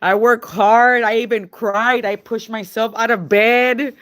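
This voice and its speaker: Slow-talking gushing Texan woman. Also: on the high side, fairly even intonation. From Laredo, Texas. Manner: gushing, calls viewers girl and y'all. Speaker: livestreamer. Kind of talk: casual livestream chat.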